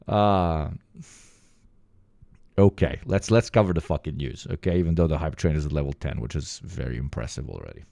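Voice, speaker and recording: A young man rants crudely to his stream chat, mocking and joking as he goes. His voice sits low, and the sound is dry and close. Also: expressive, normal speed, creaky, long pauses, mellow, no echo. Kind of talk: casual profane stream commentary.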